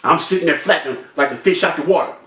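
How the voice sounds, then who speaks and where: A young man telling a personal story in an animated way, acting out voices and sound effects with street slang. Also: a little high, fast, distant mic. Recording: echoey room, off-mic.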